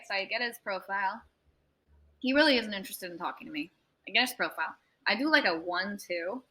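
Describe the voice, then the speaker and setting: A young woman, a tattoo artist, telling a long anecdote in a casual interview, animated, swearing freely and acting out other people's voices. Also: mid-range voice.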